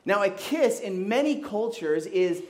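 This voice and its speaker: A young man who grew up in Kenya, a youth pastor giving a sermon with animated, joking storytelling. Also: sits high, measured pace. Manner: animated storytelling, jokey asides.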